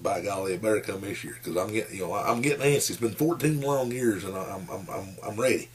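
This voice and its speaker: A man's voice: fairly low pitch, fast talker. A man, giving a rambling, folksy movie review with lots of fillers. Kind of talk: casual rambling monologue.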